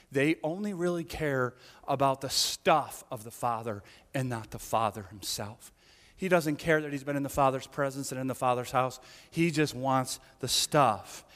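A male pastor preaching in a large hall, his bright, forceful voice carrying a long reverb. He tells the story animatedly, jumping from loud, raised cries down to hushed asides. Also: mid-range voice. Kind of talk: sermon.

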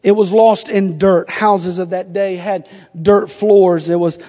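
A man in his forties, a pastor preaching a sermon, telling a humorous family story that builds into fervent, shouted appeals. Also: high voice, steady tone, a little slow. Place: church sanctuary. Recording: long reverb of a church sanctuary.

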